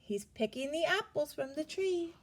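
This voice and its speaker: A woman reading a picture book aloud to children, pausing to ask them gentle questions. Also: high-pitched, expressive. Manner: gentle, asks the listener questions, gasps for effect.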